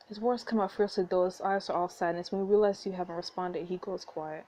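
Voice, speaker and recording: A woman's voice: lowish voice, steady tone, fast talker, hardly any pauses, mellow. A woman hosting a let's play, reading a story game aloud and reacting with giggly asides.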